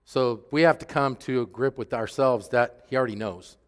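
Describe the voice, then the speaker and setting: A male pastor preaching a sermon earnestly and emphatically, often dropping to a hushed tone. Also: mid-range voice, moderate pace, clear, resonant tone, long reverb tail. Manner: earnest, emphatic preaching with dramatic dips to a hush. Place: church.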